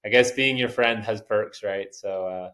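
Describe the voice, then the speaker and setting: A man's voice: lowish voice, a little slow, bright, forceful tone. Hesitant man wrapping up a podcast. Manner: hesitant, many fillers. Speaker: podcast co-host. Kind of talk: casual wrap-up talk.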